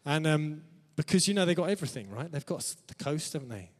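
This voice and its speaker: Male preacher, higher-pitched, sermon delivery, laughs between phrases, church hall reverb. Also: animated, fast. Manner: calls out amen to the congregation.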